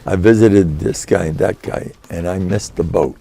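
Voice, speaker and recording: An older man, a rabbi, telling a chatty, animated story in a lecture, dropping in Yiddish and Hebrew words. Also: deep voice, moderate pace, creaky. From United States. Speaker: rabbi giving a class.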